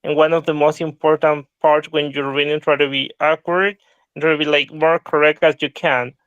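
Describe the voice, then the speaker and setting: A man's voice: fairly high pitch, little pitch movement, brisk, fairly bright tone, clear, resonant tone, no echo, lo-fi sound. A man taking part in a language workshop, talking earnestly and sometimes searching for his words. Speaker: workshop participant. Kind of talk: casual discussion.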